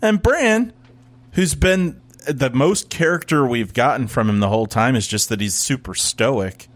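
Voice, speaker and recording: Sarcastic man with a lively voice. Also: mid-range voice, unhurried. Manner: sarcastic, acts out characters mid-story. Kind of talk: casual TV recap chat.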